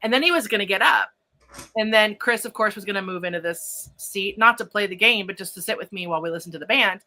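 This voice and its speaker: A woman who hosts a podcast as a psychic medium tells a story in casual chat, animated and excited and using spiritual vocabulary. Her voice is mid-range and her pace quick.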